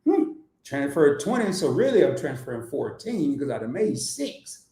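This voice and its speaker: A middle-aged man hosting his own investing channel, talking casually at his home computer in an animated storytelling way, chuckling as he goes. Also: normal speed, echoey room. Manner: animated storytelling, pitch jumps way up when excited, chuckles often. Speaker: crypto investing channel host. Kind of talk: casual personal vlog chat.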